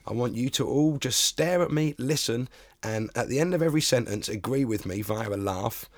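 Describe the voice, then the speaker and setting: Sardonic, gravelly male comedian. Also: mid-range voice, normal speed, no room sound, clean studio sound. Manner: sardonic, emphatic. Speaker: comedian, interviewee. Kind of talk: animated anecdote.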